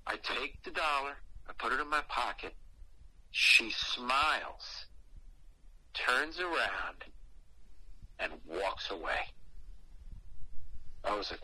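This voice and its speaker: Bright, animated man telling a story. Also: medium pitch, slow, pauses often, breathy edge, no room sound, poor audio. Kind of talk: casual storytelling.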